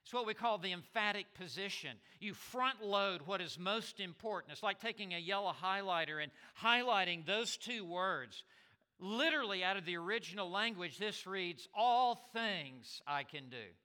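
Emphatic high-voiced preacher in a hall. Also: male voice, moderate pace, pushed and bright. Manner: emphatic, repeats and stresses words, stammers on restarts. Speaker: pastor. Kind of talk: sermon. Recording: long reverb of a large hall.

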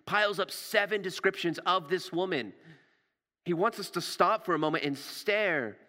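A man preaching a sermon with passion, repeating words and dropping to a hush for emphasis, recorded in a church. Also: a little high, lively intonation, moderate pace. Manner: impassioned, repeats words, drops to hushed emphasis. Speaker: pastor. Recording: long reverb of a large hall.

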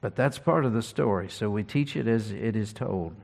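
A man preaching an expository sermon, teaching earnestly and reading scripture slowly with emphasis. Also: on the low side, gravelly, darkish tone.

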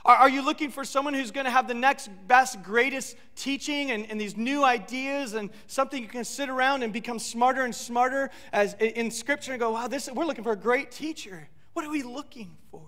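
A man preaching a sermon as pastor, animated, acting out quoted lines and asking the listeners rhetorical questions. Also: very high-pitched, fairly quick, few pauses, long reverb tail.

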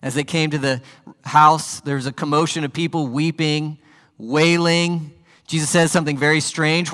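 A man's voice: a little high, flat delivery, moderate pace. Preaching man, dramatic delivery, church reverb. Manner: dramatic, swings from hushed to loud and urgent. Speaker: pastor. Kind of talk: sermon. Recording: long hall reverb.

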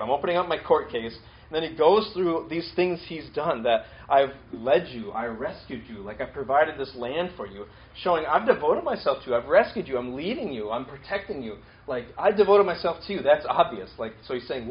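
A man's voice: mid-range voice, fairly quick, lo-fi sound, a little hiss or hum. A male pastor preaching a conversational sermon, repeating his key points with casual fillers and restarts.

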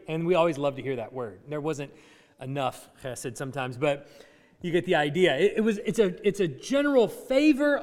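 A man preaching a sermon as pastor, in a conversational way, playfully coaching his congregation. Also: high-pitched. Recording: long hall reverb.

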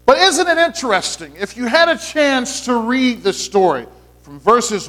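Male pastor, high-pitched, chatty sermon delivery with restarts. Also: animated, measured pace, a bit bright. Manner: conversational preaching with playful asides and repeated restarts.

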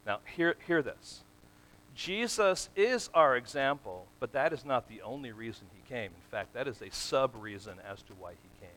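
Bright-voiced man preaching a sermon. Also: medium pitch, lively intonation, moderate pace, slight background noise, poor audio. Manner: asks the congregation questions and answers them; builds from quiet to loud and emphatic.

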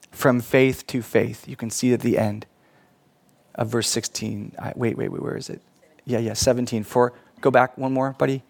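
A middle-aged man preaching a sermon in church, earnest and pleading, with casual asides to the congregation. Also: mid-range voice. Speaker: pastor.

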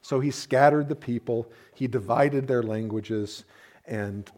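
A man's voice: medium pitch, a little slow, a little mellow. A man, a pastor, preaching a sermon in a conversational way with playful asides. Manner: conversational, uses playful asides and acted-out quotes.

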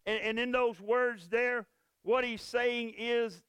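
High-voiced emphatic preaching man. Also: fairly even intonation, slow, a bit bright, clean tone, no echo. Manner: emphatic, repetitive preaching cadence. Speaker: pastor. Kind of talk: sermon with closing prayer.

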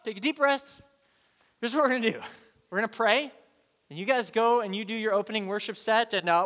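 Animated bright-voiced male pastor. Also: high-pitched, a little fast, long reverb tail. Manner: animated storyteller, acts out voices. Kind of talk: sermon with personal story.

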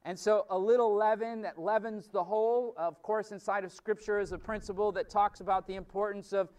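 A man's voice: high voice, clean tone, recorded from a distance. A man preaching a sermon as pastor, teaching in a conversational way with fillers and restarts.

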